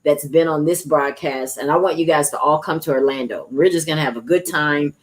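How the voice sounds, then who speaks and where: Woman host, low-pitched, preachy and encouraging delivery, chatty emphasis. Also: a little fast. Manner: declaring, encouraging, laughing asides. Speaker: talk show host.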